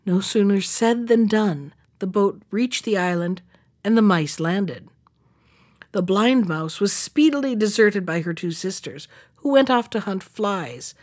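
A woman reading a fairy tale aloud, lifting her voice for the characters' lines. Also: a little slow. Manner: expressive, raises pitch for characters' lines. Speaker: storyteller.

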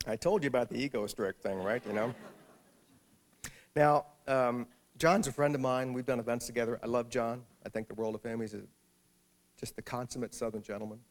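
A middle-aged author with a medium-pitched voice speaks briskly at an event, giving a humorous public talk. He tells a wry story at his own expense.

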